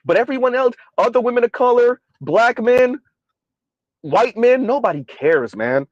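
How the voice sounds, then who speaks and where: A man's voice: very high-pitched, animated, a little slow, no room sound, dull audio. A man ranting in a sardonic, exasperated commentary vlog, hammering his points by repeating them. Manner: sardonic, exasperated, repetitive emphasis. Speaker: commentary vlogger.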